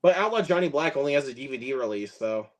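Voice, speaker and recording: A man's voice: mid-range voice, expressive, quick pace. A man hosting a casual movie chat, enthusiastic and loose, with lots of filler words. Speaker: host.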